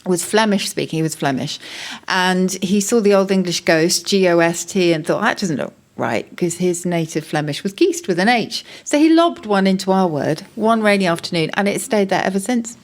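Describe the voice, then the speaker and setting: A woman's voice: on the low side, expressive, normal speed. A woman on a comedy panel show, the resident word expert, eagerly explaining the history of words. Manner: enthusiastic, nerdy storyteller.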